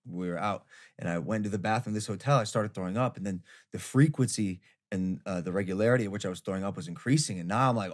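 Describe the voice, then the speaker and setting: A young man hosting a podcast, telling a story in a casual, animated way with some swearing. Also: on the low side, fast. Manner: animated, swearing, retelling a rough night. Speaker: podcast host.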